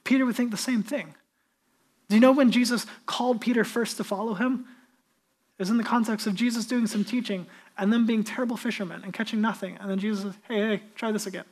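A male pastor delivers a sermon in a relaxed, conversational tone. He is earnest and often turns to the congregation with direct questions. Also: high-pitched, quick pace.

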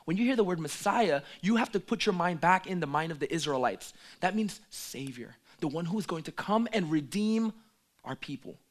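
A man preaching a sermon, swinging from hushed asides to loud, emphatic calls. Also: sits high, expressive, moderate pace.

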